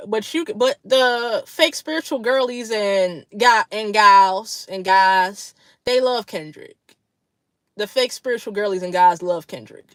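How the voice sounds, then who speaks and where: A woman's voice: mid-range voice, measured pace, a bit bright, dry recording. A woman hosting a casual livestream chat with her viewers, blunt, slangy and profane, laughing often between remarks. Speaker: livestream host.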